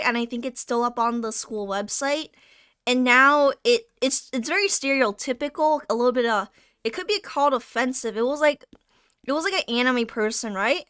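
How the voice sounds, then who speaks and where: A woman's voice: high-pitched, pushed and bright, clear, resonant tone, no echo. A young woman streamer chatting casually while she draws, rambling with restarts and casual swearing, just over being sick. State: recovering from illness. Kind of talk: casual chat while drawing.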